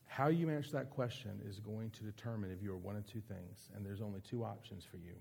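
Guy preaching, gravelly voice, kinda dark and mellow, earnest with big pauses. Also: on the low side, a little hiss or hum. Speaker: pastor. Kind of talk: sermon.

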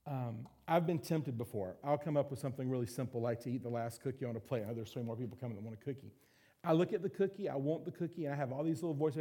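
A man preaching a sermon as pastor, animated, acting out little voices and quotes. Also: fairly high pitch, a little fast.

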